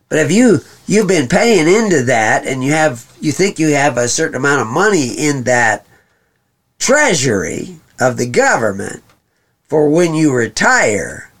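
A man's voice: medium pitch, a bit bright. A man hosting a program, giving a rambling monologue that mixes scripture with money talk, sarcastic with folksy asides. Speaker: program host. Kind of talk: monologue commentary on scripture and economics.

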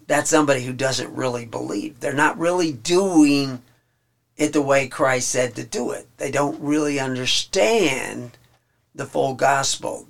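A man teaching a Bible study, reading verses aloud slowly and then explaining them in plain, halting talk. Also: medium pitch, gravelly, fairly bright tone.

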